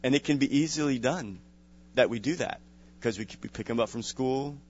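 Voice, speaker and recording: A man's voice: mid-range voice, normal speed, a little mellow, slight background noise. A middle-aged man from Louisiana preaching a sermon to fathers in a casual, conversational way with frequent restarts and small chuckles. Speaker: pastor. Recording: dull lo-fi sound.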